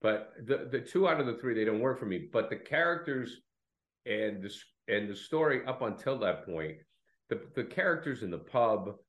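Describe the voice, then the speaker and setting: A man co-hosts a casual film discussion, rambling through his points with plenty of restarts. His pitch swings lively up and down, and the recording rings with a roomy echo. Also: normal speed. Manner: rambling, with false starts and self-corrections. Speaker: film podcast co-host.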